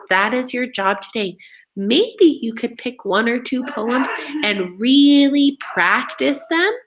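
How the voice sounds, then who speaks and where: A woman teacher giving a reading lesson to young children, reading poems aloud in a slow, expressive, sing-song way. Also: a little high.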